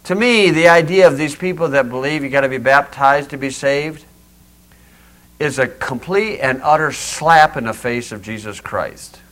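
A man's voice: mid-range voice, normal speed, fairly bright tone. A man preaching a sermon to a small congregation, mixing pointed rhetorical questions with folksy jokes. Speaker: pastor. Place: small church building.

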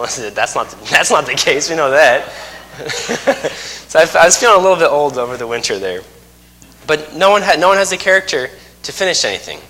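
A man's voice: fairly high pitch, big-room sound. A man in his thirties preaching a sermon, telling stories and acting out scenes with humor. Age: 30s. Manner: lively storytelling, acts out scenes with humor.

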